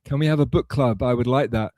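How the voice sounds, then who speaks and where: A man's voice: medium pitch, quick pace, warm tone, dry recording. A man hosting a live stream, chatting casually and rambling as he answers messages from his chat aloud. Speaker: livestream host reading chat.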